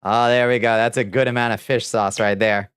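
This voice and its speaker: Man, livestream chat, playful and theatrical, smooth voice, dry close mic. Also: mid-range voice, little pitch movement, brisk, fairly bright tone, no room sound. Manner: playful and theatrical, chatting with viewers while mixing ingredients. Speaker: streamer.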